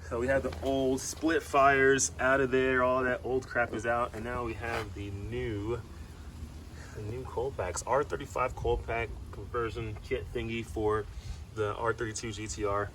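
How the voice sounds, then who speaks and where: A man's voice: medium pitch, flat delivery, measured pace, a bit bright, a little hiss or hum. A man talking casually through a car repair, rambling and easygoing, with lots of fillers and restarts. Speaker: car vlogger. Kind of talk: casual chat.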